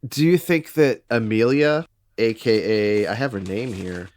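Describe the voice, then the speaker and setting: Male podcast co-host, casual movie talk, animated and jokey, dry close mic. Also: lowish voice, a little slow, no room sound. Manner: animated, laughs often, quips. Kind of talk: casual movie-review chat.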